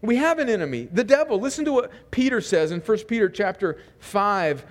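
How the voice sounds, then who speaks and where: A man's voice: high voice, sing-song, fairly quick. Earnest male pastor preaching. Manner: earnest, with frequent small restarts. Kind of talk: sermon with opening prayer. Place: church sanctuary.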